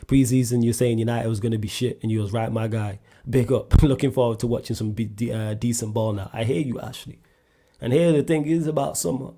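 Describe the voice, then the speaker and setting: Gravelly-voiced man, blunt sports chat. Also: mid-range voice. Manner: animated and blunt, rising sharply when making a point. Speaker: solo sports show host answering viewer questions.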